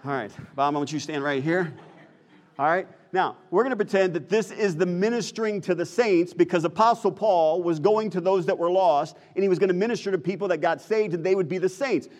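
A man's voice: high-pitched, fairly quick, darkish tone, big-room sound. An American man, a pastor, preaching a sermon and asking the congregation questions. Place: church sanctuary.

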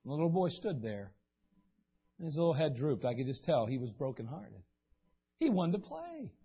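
A man's voice: on the high side, very animated, normal speed, slightly rough, highs cut off. A man preaching a sermon as pastor, telling stories in a folksy way and acting out the voices of people he quotes. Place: church sanctuary.

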